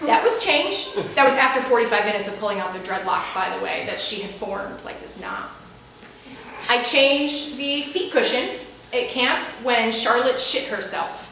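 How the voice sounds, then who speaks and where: A woman telling a comic story live on stage before an audience, animated, exasperated and self-mocking. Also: sits high, distant mic, a little hiss or hum. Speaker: comedic storyteller. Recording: echoey room picked up from afar.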